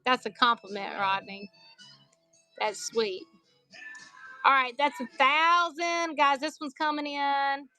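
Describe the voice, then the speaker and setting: A woman's voice: high voice, fairly even intonation, slow pace, long pauses, bright, forceful tone, faint music behind. A woman selling collectible banknotes on a live stream, chatty and joking, calling her viewers y'all.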